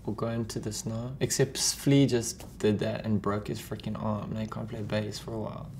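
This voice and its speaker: A man's voice: on the low side, flat delivery, moderate pace, darkish tone, a little hiss or hum. A South African man talking as an interview guest, rambling and swearing freely, with many "like" fillers. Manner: rambling, profane, full of "like" fillers. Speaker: musician and actor, guest. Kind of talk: casual interview chat.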